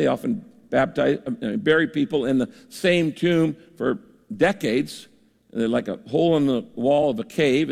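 A man's voice: a little high, gravelly, a little mellow. An older man preaching a sermon as pastor, conversational, acting out the voices of people he quotes. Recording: reverberant hall.

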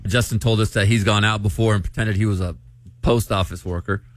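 A man's voice: fairly low pitch, steady tone, fairly quick, no echo, faint music behind. A man hosting a radio show, upbeat and joking, laughing often with callers and co-hosts. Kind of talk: lively morning radio banter. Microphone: studio microphone.

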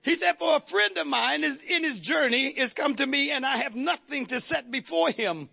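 A man preaching a sermon to his congregation, calling out to the crowd and shouting at the peaks. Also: extremely high pitch, expressive, normal speed, gravelly. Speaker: pastor. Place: church sanctuary.

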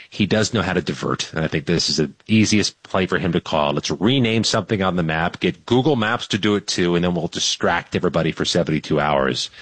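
A man with a very low voice weighs in as a regular radio guest, calm and analytical with a wry edge. He is recorded on a dry microphone with no room sound. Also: husky, no room sound. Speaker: political commentator, weekly guest.

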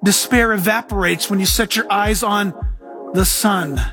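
A man preaching a sermon as pastor, telling stories with jokes and chuckles and mimicking other people in lively asides. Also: high voice, a little slow, over music.

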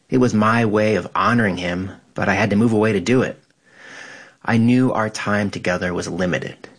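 A man calmly reading his own personal essay in a measured, reflective way. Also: on the low side.

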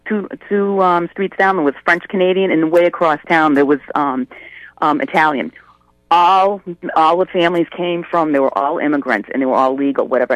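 A woman's voice: low voice, no room sound, lo-fi sound. A middle-aged woman calling into a radio talk show, telling a rambling story with many ums and restarts. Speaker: caller. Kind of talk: casual phone-in storytelling.

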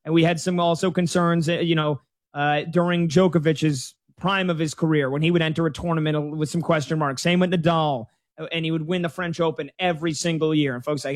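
A man's voice: fairly high pitch, fairly even intonation, fairly quick. A man giving casual sports betting analysis in a conversational, filler-heavy way.

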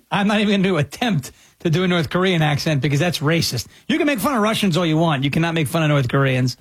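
High-pitched, husky male commentator, sarcastic and incredulous, dry close sound. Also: animated, fast talker, no echo.

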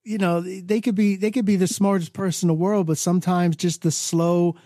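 Easygoing man thinking out loud. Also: high voice, fairly even intonation, brisk. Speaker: radio show co-host. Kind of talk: casual on-air banter.

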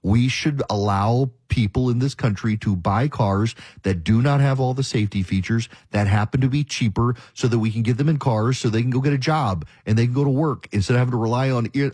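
Emphatic, husky radio talk host. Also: male voice, mid-range voice, fairly quick, hardly any pauses, darkish tone, dry recording. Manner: emphatic, ranting, mocks critics in quoted voices. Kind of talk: opinionated talk radio monologue.

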